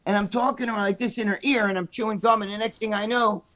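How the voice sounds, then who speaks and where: High-pitched guy, super hyper, cursing through a raunchy story on a podcast. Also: fairly even intonation, quick pace, a bit bright, lo-fi sound. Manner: hyper, profane, rambling storyteller. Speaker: podcast panelist. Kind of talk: crude storytelling chat.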